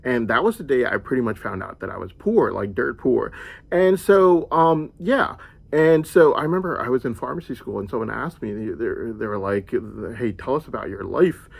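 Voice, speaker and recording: Creaky-voiced young man rambling on. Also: medium pitch, lively intonation, moderate pace. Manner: meandering storytelling, heavy use of "like". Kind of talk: rambling personal monologue.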